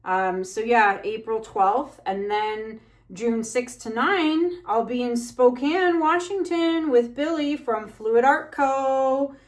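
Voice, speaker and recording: A woman's voice: fairly high pitch, slow. A woman chatting casually while she paints, venting anxiously in a rambling way with many fillers. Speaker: fluid art painter and channel host.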